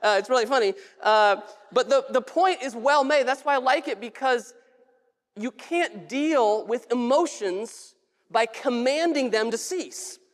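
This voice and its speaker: Deliver a conversational sermon like a relaxed pastor chatting with the congregation, in a mid-range voice at an unhurried pace. Stay casual and humorous with a light joke now and then, restarting phrases often, as the words ring out with a long echo in a big church sanctuary.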